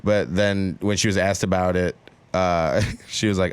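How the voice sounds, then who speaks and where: A man's voice: low voice, steady tone, measured pace, smooth, no echo. A young man co-hosting a casual podcast chat, laughing often and retelling quotes with sarcasm. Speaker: podcast co-host.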